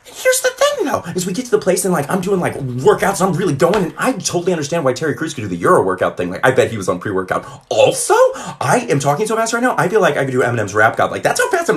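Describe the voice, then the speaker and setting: Young man, 20s, comedic monologue, very fast, wildly swooping pitch, hyper. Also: wildly swooping pitch, slight background noise. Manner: hyper, rapid-fire, bursts into silly voices. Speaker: youth pastor.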